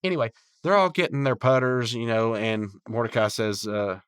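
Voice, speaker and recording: A man's voice: medium pitch, lively intonation, normal speed, clear, resonant tone, dry recording, clean studio sound. A man hosting a podcast, casually recapping a cartoon episode in a rambling, laid-back way with frequent chuckles. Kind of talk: casual chat.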